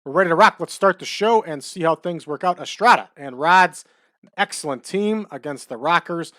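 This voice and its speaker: A man giving relaxed, chatty commentary over a wrestling management game, adding trivia as he goes. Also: fairly high pitch, moderate pace, dry recording, studio quality. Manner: laid-back, chatty, adds wrestling trivia.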